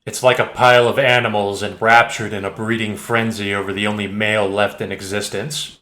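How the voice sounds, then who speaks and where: Low-voiced male audiobook narrator. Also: flat delivery, a little fast, few pauses, pushed and bright, reverberant. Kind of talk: scripted narration.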